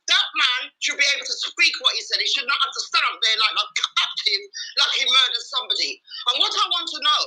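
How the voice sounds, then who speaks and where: A woman calling in to a talk show, angry and impassioned, shouting at times and close to tears. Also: sits high, animated, a little fast, low-quality recording. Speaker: caller. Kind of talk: call-in radio rant.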